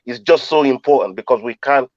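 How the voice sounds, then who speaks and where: A man on a podcast panel talking football in casual chat, measured and hesitant, with plenty of restarts. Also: mid-range voice, no echo. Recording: dull dry lo-fi mic.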